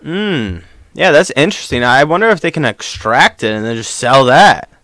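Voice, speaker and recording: Lively, dry-sounding man chatting. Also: a little high, normal speed, no room sound. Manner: agreeable, joins in with riffs. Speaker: podcast co-host. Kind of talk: casual chat.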